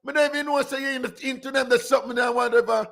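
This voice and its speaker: A man's voice: steady tone, gravelly, a bit bright, exaggerated voice. A man putting on the voice of an indignant woman arguing, with a Jamaican accent. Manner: shrill, exasperated, rapid retorts.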